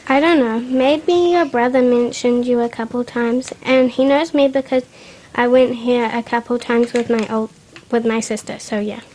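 A woman's voice: fairly high pitch, steady tone, moderate pace, darkish tone, a little hiss or hum, natural voice, rough recording. A woman reading a story aloud, voicing a friendly, offhand teenage girl who is new at school.

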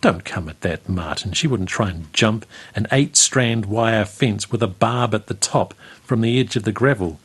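A man reading the lines of a sharp-tongued, no-nonsense farm wife, firm and sarcastic. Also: lowish voice, moderate pace, slightly rough.

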